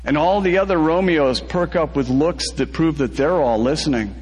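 A man's voice: a little high, normal speed, a little mellow, breathy edge, long reverb tail. A man reading a first-person story aloud, laughing through the telling.

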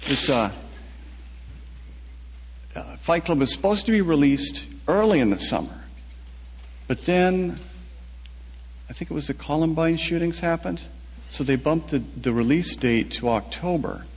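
Husky man telling a story in a reverberant hall. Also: a little high, expressive. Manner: soft-spoken, halting, with many restarts. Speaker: author being interviewed. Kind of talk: reflective personal storytelling.

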